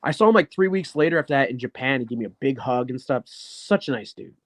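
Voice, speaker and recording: A man's voice: mid-range voice, fast, a crowd in the background. A man who is a professional wrestler and guest on an interview show, telling stories casually and acting out quoted dialogue, with frequent swearing. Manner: animated, swears often, acts out quoted dialogue.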